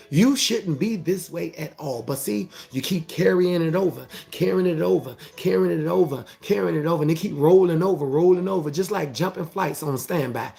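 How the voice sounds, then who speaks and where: A man preaching a motivational sermon, emphatic and repetitive, with a gravelly voice. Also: on the high side, mellow. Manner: emphatic, repetitive, call-and-response phrasing.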